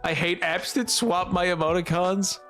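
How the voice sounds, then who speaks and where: A man's voice: high voice, moderate pace, fairly bright tone, faint music behind. A man streaming a game, chatting casually with chat, joking, tripping over his words and laughing. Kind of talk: casual live-stream chat while gaming.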